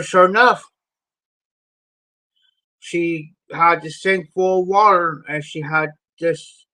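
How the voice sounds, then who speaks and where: A middle-aged man telling a rambling, folksy story on a live stream, with pauses and restarts. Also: on the high side, pushed and bright, rough recording. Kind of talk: casual spoken storytelling.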